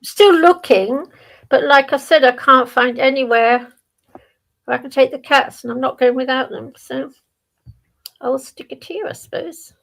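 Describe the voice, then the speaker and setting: Older woman, stream host, high and gravelly, chatty self-talk. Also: unhurried, a bit bright. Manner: chatty, rambling, talks to herself. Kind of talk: casual live-stream chat.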